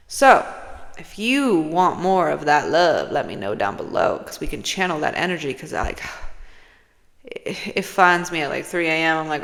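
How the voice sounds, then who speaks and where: A woman talking casually to her viewers as a spiritual channeler, rambling, swearing freely and playful. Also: fairly low pitch. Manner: rambling, profane, playful, drifts into whispers. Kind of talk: casual personal vlog. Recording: long hall-like reverb.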